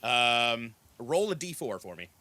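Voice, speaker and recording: A man's voice: mid-range voice, sing-song, measured pace, very noisy. A man narrating as game master of a tabletop game in an easygoing, descriptive way.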